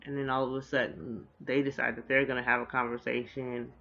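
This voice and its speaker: A man with a gravelly, creaky voice gives a casual, profanity-laced recap of a TV episode. He talks in loose slang and tosses in blunt opinions as he goes. The recording sounds dull and lo-fi. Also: mid-range voice, level tone, pushed and bright. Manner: profane, slangy retelling with quick asides. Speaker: TV episode reviewer.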